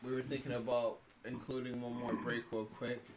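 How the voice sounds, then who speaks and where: A man's voice: medium pitch, flat delivery, normal speed, noisy background. A man co-hosting a podcast who chats casually and adds short reactions. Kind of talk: casual chat.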